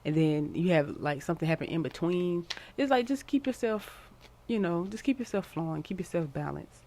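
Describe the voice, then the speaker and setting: A woman gives her viewers a casual tarot reading at normal speed. She is encouraging and repeats herself, with sudden excited jumps in pitch.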